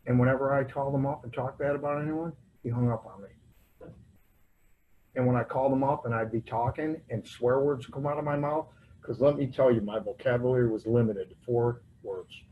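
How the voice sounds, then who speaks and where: A man's voice: mid-range voice, narrow, tinny audio, slight background noise. A man speaking at a recovery convention, sharing his personal story in a loose, self-mocking way. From United States. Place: convention hall.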